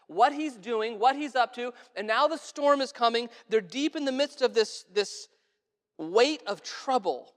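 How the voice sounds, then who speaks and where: A man preaching a sermon as pastor, talking earnestly and conversationally, dropping to a hushed voice when he quotes. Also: extremely high pitch. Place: church sanctuary. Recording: church sanctuary with long reverb.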